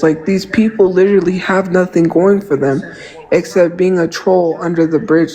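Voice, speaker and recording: A woman's voice: fairly low pitch, steady tone, normal speed, warm tone, rough recording. A woman livestreamer ranting to her viewers, indignant and profane, saying "literally" and "like" again and again.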